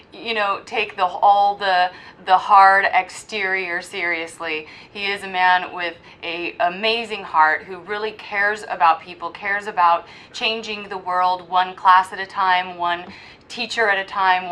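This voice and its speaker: A woman co-hosting a casual podcast, speaking with warm enthusiasm and effusive praise, recorded at a hypnosis center. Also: fairly low pitch, poor audio. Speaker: podcast co-host.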